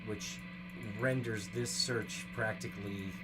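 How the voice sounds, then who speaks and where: Man muttering dry asides over loud guitar. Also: lowish voice, fairly even intonation, slow, low-quality recording. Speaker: songwriter. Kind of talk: casual talk to camera while searching song titles. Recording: guitar music behind the voice.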